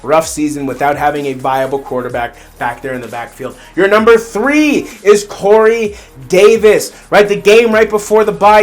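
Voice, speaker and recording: Solo fantasy sports host, male, high-pitched, repetitive and heated delivery, faint music underneath. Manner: rambling, repeats phrases, fires up into ranting. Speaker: fantasy football podcast host.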